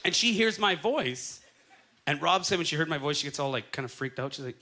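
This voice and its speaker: A Canadian man in his thirties performing a stand-up set, telling stories with quick acted-out quotes on a club stage. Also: fairly high pitch, pushed and bright. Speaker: stand-up comedian. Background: faint audience laughter.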